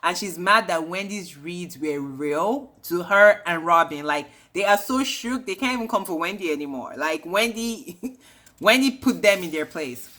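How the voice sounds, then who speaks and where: A woman's voice: on the low side, expressive, measured pace, bright, forceful tone. A woman casually recapping a reality show, chatty and slangy, dropping opinionated asides.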